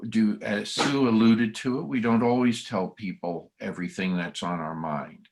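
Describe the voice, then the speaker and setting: A man leading a text study group on a video call, halting and full of restarts. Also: lowish voice, gravelly.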